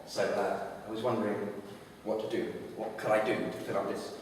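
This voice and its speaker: A man doing a mock-earnest stand-up comic who stumbles through every sentence, padding it with uh and false starts. The voice sits on the low side and carries the long echo of a large room, heard from well back from the mic. A faint room hum hangs behind it. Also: level tone, lightly acted. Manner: halting, full of uh and restarts. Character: awkward stalling male comedian, mock-earnest. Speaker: live performer. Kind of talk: stage reenactment of a stand-up routine. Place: dance studio, in front of an audience. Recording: echoey hall, mic far off.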